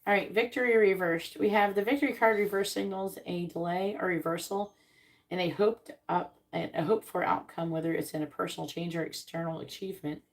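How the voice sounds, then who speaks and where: Woman doing tarot on a livestream, kinda low gravelly voice, blunt, swears a lot. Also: steady tone. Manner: blunt and swearing, acts out quick comic voices. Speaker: tarot reader on a live stream. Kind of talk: casual tarot reading, reading card meanings aloud.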